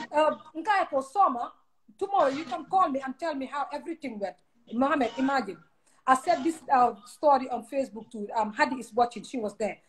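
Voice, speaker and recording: Gambian woman talking real blunt, high voice, faint hiss behind. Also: low-quality recording. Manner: blunt and emphatic, mixing in local-language phrases. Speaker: advice giver. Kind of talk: frank casual chat.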